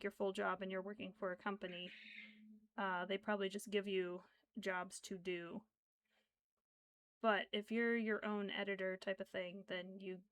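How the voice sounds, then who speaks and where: A woman's voice: medium pitch, a bit bright. A woman streaming her crochet work, chatting casually in a rambling way full of fillers and counting stitches half to herself. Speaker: craft streamer. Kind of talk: casual livestream chat while crocheting.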